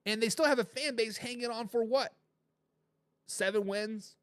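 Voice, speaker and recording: A man with a high voice hosts a sports talk show. He hammers his points by repeating phrases and reads viewer comments aloud with a laugh. The sound is dry and close, with no room echo. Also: moderate pace, a bit bright, clean tone. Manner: emphatic, repeats phrases for effect.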